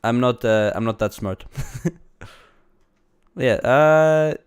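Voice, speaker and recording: A streamer with a slight cold talks in a loose, rambling way, restarting sentences and laughing often. His voice is a man's, smooth and resonant. It sits mid-range in pitch. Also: slow pace. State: a bit congested from a cold. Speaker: streamer reacting to videos. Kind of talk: casual live-stream commentary.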